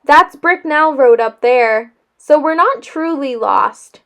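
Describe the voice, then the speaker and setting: A woman's voice: high-pitched, lively intonation, takes it slowly, exaggerated voice. A woman reading a storybook aloud, voicing a practical older great-aunt who scolds firmly. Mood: firm, scolding.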